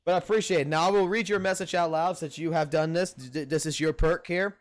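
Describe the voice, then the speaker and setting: A man's voice: on the high side, fairly even intonation, a little fast. Heated, cursing man ranting on stream. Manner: heated, profane, repeats himself for emphasis. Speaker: livestream host. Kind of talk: livestream commentary rant.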